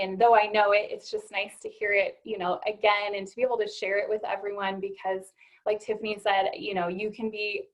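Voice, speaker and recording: A woman's voice: medium pitch, poor audio. A woman naturopathic doctor hosting an interview, talking in an encouraging way and often stressing "absolutely". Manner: warm encouraging, emphatic with "absolutely". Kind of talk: conversational interview.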